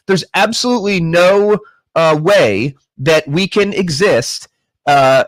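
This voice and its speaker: A man chatting as a guest about politics, thinking out loud with emphatic asides. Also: a little high, slow pace, dry recording. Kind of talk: casual political chat.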